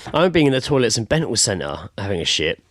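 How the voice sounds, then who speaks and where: A young man tells crude stories fast on a casual podcast, swearing freely. His voice sits a bit low but swings up and down. The sound is close and dry. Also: sing-song, a bit bright, no echo. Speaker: podcast co-host. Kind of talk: casual chat, storytelling.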